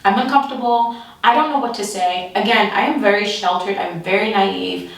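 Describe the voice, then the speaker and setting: A woman telling a story in a casual storytime vlog, animated and breaking into nervous laughter. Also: medium pitch, normal speed, vocal fry. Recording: echoey room, distant mic.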